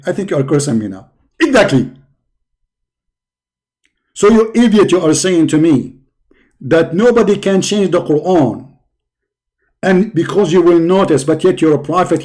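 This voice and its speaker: A man's voice: a little high, warm tone. A man giving a polemic religious talk, sarcastic and mocking, with heavy repetition for emphasis. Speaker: religious debater.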